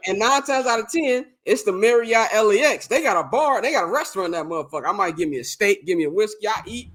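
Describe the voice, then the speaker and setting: A man's voice: high voice, fast. A young man, casually telling a long, profane story on a podcast and acting out the other people in it. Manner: animated, profane, acts out quoted exchanges. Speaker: podcast co-host.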